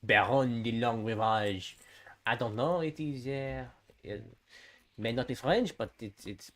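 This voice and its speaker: A man's voice: medium pitch, unhurried, a bit bright. A man giving sarcastic, exasperated running commentary while streaming a game. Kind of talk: live gameplay commentary.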